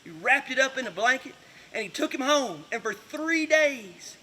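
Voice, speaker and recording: A man's voice: extremely high pitch, lively intonation, moderate pace, pushed and bright, exaggerated voice. An actor, playing a down-on-his-luck veteran in a dramatic monologue. He rambles in a folksy drawl and swings from jokes to raw bitterness. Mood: gentle storytelling.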